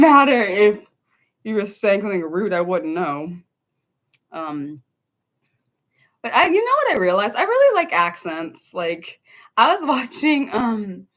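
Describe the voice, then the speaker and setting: A young American woman hosts her own unscripted livestream, chatting loosely with viewers and pausing often with ums and restarts. Her voice sits a little low for a woman. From United States. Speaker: livestream host. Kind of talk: casual unscripted livestream chat.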